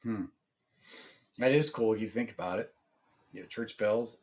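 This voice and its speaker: Low-voiced man chatting along. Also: normal speed, a little mellow. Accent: Pennsylvania. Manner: short reactive replies. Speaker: podcast co-host. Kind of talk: casual chat.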